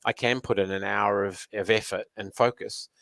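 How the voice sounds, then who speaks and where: Low-voiced man telling stories. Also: normal speed, vocal fry, dry recording. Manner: anecdotal, lively storyteller. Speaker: guest running a youth learning program. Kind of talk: storytelling conversation.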